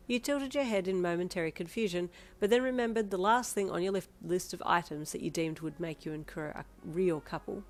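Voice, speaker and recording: A woman narrating a second-person fanfiction story, with lively, expressive reading. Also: on the low side, brisk, few pauses.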